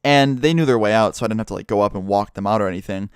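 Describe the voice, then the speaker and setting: Young male YouTuber, casual storytime delivery, heavy swearing, mid-pitched voice, dry close sound. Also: racing, clear, resonant tone, dry recording. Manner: profane, animated storytelling with acted quotes.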